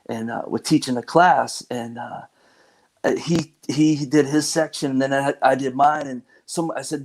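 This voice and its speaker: A man's voice: mid-range voice, a little mellow, rough recording. A man with a thick Boston accent, a guest musician talking casually, rambling and laughing easily. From Lowell, Massachusetts. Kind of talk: casual chat.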